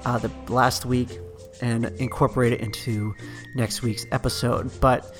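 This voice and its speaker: A man's voice: mid-range voice, little pitch movement, unhurried, soft background music. A man hosting a podcast, talking casually through the news with many fillers and restarts, a little emotional. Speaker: podcast host. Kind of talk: casual solo news chat.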